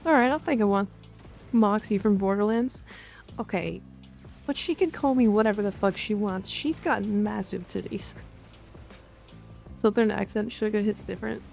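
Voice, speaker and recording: A woman's voice: medium pitch, normal speed, vocal fry, long pauses, darkish tone, soft background music. A woman from Canada streaming live, chatting casually and frankly with her chat, with some swearing and jokes. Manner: frank, profane, joking. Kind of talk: casual chat reading and answering chat.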